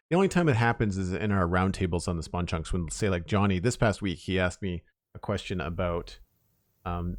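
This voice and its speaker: A man with a fairly low voice talks casually with viewers while he plays a building game. He rambles, restarts his sentences and leans on fillers, in an unhurried live-stream chat. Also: no room sound, studio quality. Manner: rambling, chatty, with fillers and self-corrections.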